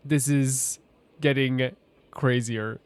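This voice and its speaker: Casual game streamer, mid-pitched, excitable and gushing. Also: slow pace, clear, resonant tone. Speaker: gaming streamer. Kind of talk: casual gameplay commentary.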